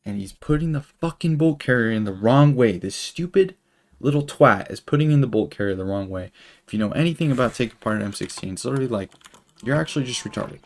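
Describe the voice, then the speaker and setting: A man's voice: mid-range voice, lively intonation, quick pace. A young man in his twenties telling a long story as a streamer, rambling with lots of fillers and swearing. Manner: rambling, profane, filler-heavy. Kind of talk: casual storytelling while gaming.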